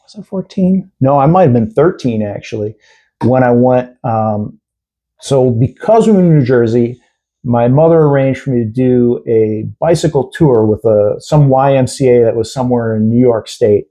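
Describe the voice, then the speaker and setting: A man's voice: mid-range voice, lively intonation, normal speed, mellow, poor audio. A middle-aged man from Chicago with a Chicago accent, a podcast guest telling rambling childhood stories with many fillers. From Chicago area. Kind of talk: casual interview storytelling.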